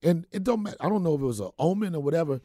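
A man who tells his story with animated energy, acting out what others said and laughing along the way. His voice is dark and mellow with a husky edge, and it sounds dry and close to the mic. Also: a little high, rapid-fire, dry recording. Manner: animated storyteller, acts out quotes, laughs often. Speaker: comedian guest. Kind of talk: casual storytelling chat.

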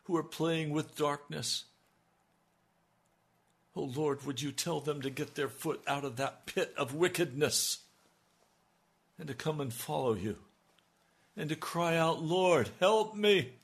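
A man's voice: a little high, unhurried, vocal fry, long pauses, fairly bright tone, husky. A man preaching on the radio, praying fervently with rising, pleading cries. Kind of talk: impassioned radio prayer.

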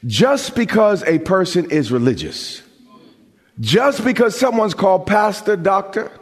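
High, lively-voiced preaching man. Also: breathy edge. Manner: preaching with dramatic pauses and rising emphasis; call-and-response questions to the congregation. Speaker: pastor. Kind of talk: sermon.

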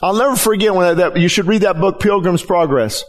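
A man's voice: high-pitched, a little fast. A middle-aged man preaching a sermon as pastor, emphatic and often repeating words as he presses his point.

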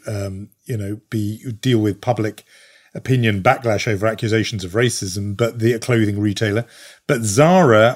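British man hosting a news podcast. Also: fairly low pitch. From Britain. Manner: thoughtful, hesitant, many fillers and restarts. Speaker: podcast host. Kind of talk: conversational news discussion.

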